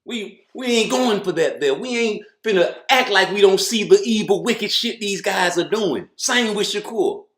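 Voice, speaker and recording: Male commentator, high-pitched, blunt and profane rant, echoey room. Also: animated, moderate pace, few pauses, a bit bright. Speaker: boxing commentator. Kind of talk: ranting commentary.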